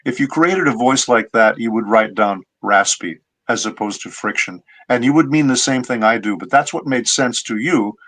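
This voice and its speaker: A man's voice: mid-range voice, moderate pace, hardly any pauses, a bit bright, rough recording. A middle-aged man, a voice actor guest, explaining his craft in a patient, teacherly way during a casual interview.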